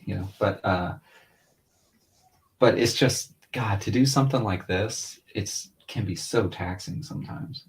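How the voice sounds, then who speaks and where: A man in his thirties tells a long, rambling story in easy, casual chat. His voice sits fairly low, and he raises it whenever he quotes someone else. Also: unhurried, pauses often. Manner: rambling storyteller, loose and chatty, quoting others in a lifted voice. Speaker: podcast co-host, father.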